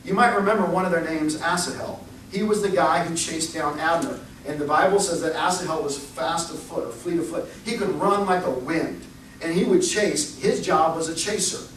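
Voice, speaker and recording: A young adult man preaching a sermon, telling Bible stories in a lively way and acting out the people he quotes. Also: on the high side, normal speed, a little hiss or hum. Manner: animated storytelling, acts out quoted voices. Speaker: pastor. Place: church sanctuary. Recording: echoey church recorded from far off.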